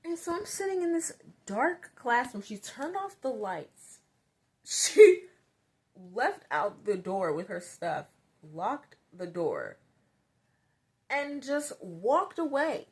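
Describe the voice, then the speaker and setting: This woman's voice is fairly high, slow, and slightly rough. A vlogger, she shares a childhood story in a chatty, rambling way, leaning on fillers and many "like"s, and she grows animated as the tale unfolds.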